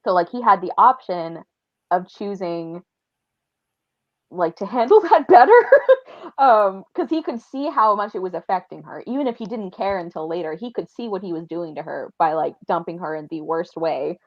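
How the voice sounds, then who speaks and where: A woman co-hosting a casual book club livestream, talking in an animated way with lots of laughter and "like" fillers. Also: lowish voice, moderate pace, no echo, highs cut off.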